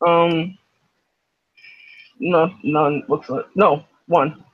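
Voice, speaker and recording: Husky man on a muffled mic. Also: fairly high pitch, fairly even intonation, extremely slow, no room sound. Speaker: player. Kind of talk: tabletop role-play.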